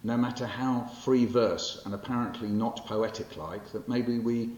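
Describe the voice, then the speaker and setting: A man's voice: mid-range voice, fairly even intonation, normal speed, a little mellow. A man in his sixties from England, a poet giving a public lecture in a library hall, who talks in a wry, conversational way with fillers and self-corrections. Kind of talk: lecture with poetry readings. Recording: roomy, muffled hall recording with faint hiss.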